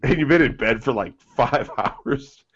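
A man's voice: medium pitch, expressive, unhurried, husky. A man in a casual podcast chat who talks in a laid-back way and chuckles through his asides. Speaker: podcast co-host. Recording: dull lo-fi podcast audio.

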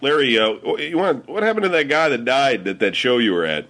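A man hosting a loose podcast conversation with friends, cursing casually and cracking up. His voice swings up and down a lot, and he talks at a middling pitch. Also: a little fast. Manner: laughing, crude, animated. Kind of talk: casual chat.

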